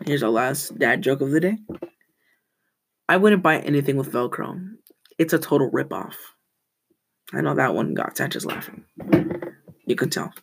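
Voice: mid-range voice, creaky, very noisy. A teenage student hosting a casual school podcast, rambling, often correcting themselves and telling corny jokes.

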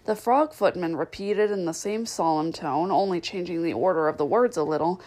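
A woman narrating a classic children's story in a measured, clear storytelling manner, with the odd slip. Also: fairly low pitch, darkish tone, low-quality recording. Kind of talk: audiobook reading of a classic novel.

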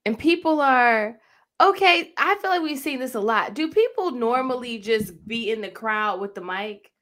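A woman's voice: on the high side, expressive, normal speed, a bit bright. A woman co-hosting a casual show, giving wry, opinionated reactions to church videos. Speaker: co-host.

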